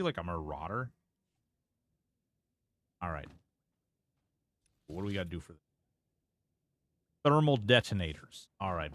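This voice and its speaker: A man's voice: on the low side, a bit bright. A man streaming a game and chatting casually, rambling and reacting as he plays, swearing freely into a close desk mic. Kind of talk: casual live-stream gameplay commentary.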